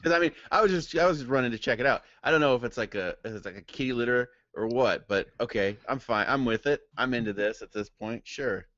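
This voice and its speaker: A man's voice: medium pitch, quick pace, few pauses, fairly bright tone, no room sound. Wry man with a dull, dry mic. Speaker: player. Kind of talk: casual tabletop role-play.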